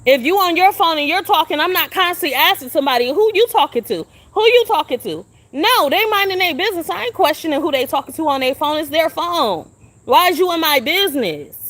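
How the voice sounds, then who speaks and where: Angry high-voiced young woman ranting. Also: expressive, fast talker, fairly bright tone. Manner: confrontational, profane, repetitive questioning. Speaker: livestreamer. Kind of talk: venting live-stream rant. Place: outdoors at a shelter. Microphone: phone.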